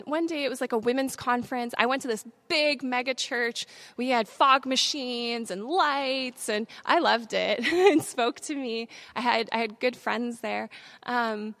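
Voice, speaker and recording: A young woman preaches her own testimony to a congregation in a high voice. She drops to near whispers for painful parts and rises to loud, rapid preaching at others. The sound is dry and close, with no room echo. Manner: swings from hushed confession to loud, fast preaching. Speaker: speaker giving testimony. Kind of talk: sermon testimony.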